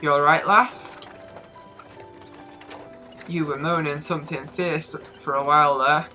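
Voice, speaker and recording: Grizzled old peddler, northern English, low and bright, easygoing game read, voiced by a woman. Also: steady tone, a little slow, soft background music. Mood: folksy. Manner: folksy, easygoing, reads game text aloud. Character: grizzled old male peddler, gruff and friendly.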